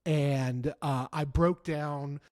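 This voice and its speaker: A man talking politics as a guest in a casual conversation, telling stories with emphatic repeats and bursts of loud laughter. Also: a little high, extremely slow. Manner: animated storyteller, laughs loudly, repeats for emphasis. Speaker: author and guest.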